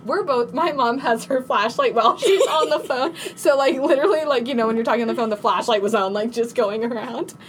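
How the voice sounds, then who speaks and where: A woman co-hosting a podcast, telling a story in casual chat, animated and laughing, acting out quotes in a high panicked voice. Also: a little fast, hardly any pauses, a little hiss or hum. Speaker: podcast co-host.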